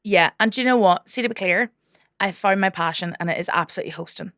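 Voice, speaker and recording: A woman, a comedian guest telling stories in lively casual chat and swearing freely. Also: mid-range voice, quick pace, no echo, studio quality. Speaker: guest comedian and cabaret host.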